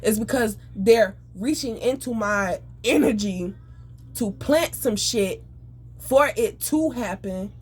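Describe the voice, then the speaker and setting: A woman venting in an angry, profane, rapid rant. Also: fairly high pitch, breathy edge. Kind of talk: emotional venting monologue.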